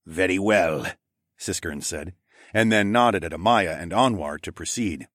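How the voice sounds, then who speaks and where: A man reading first-person fiction aloud in an expressive, dramatic manner. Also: low voice, normal speed, no room sound, studio quality. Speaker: audiobook narrator. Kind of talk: scripted first-person narration.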